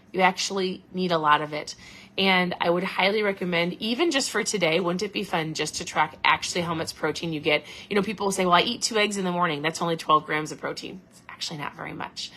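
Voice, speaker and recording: A woman hosting a casual livestream, chatting in an animated way about nutrition and reading viewer comments aloud. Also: on the low side. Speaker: keto coach and livestream host.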